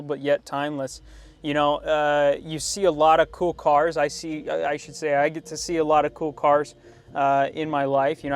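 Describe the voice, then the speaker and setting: A young man, a car vlogger, telling a story to camera in a detailing shop, animated and laughing, with many fillers and restarts. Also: on the high side, clear, resonant tone, no echo.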